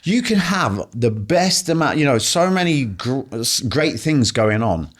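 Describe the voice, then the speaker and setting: A man, a podcast guest and author, telling animated anecdotes full of swearing and acted-out quotes. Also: medium pitch, measured pace. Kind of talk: casual storytelling conversation.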